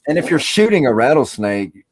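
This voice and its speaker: A man's voice: mid-range voice, sing-song, moderate pace, noisy background. A stoned man from Alabama, rambling and swearing through a casual podcast chat. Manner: rambling, profane, laid-back storytelling. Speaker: podcast co-host.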